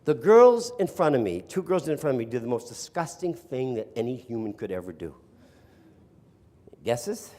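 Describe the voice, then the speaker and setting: A man's voice: medium pitch, very animated, normal speed, mellow. An older man from the East Coast, a sarcastic storyteller who speaks to an audience of teachers and asks them questions. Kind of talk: storytelling workshop talk. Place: room with a live audience.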